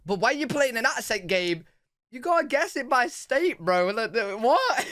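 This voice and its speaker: Young british guy reacting to clips, jumpy pitch all over, says bro a lot, dead dry sound. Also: very animated, moderate pace, sharp tone, no echo. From Britain. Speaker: reaction video host. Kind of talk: casual reaction chat.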